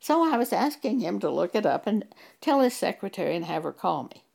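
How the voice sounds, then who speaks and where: A woman delivers a preaching monologue, her voice gravelly and rough at the edges. Her pitch swings widely as she presses rhetorical questions and cites scripture with emphasis. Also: big pitch swings, a little fast, darkish tone. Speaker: Bible teacher.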